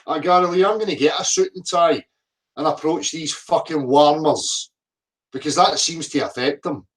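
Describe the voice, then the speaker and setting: A man's voice: on the high side, normal speed. A middle-aged man, ranting profanely at viewer comments, abrasive and mocking. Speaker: flat earth video commentator. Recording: voice a bit distant from the mic.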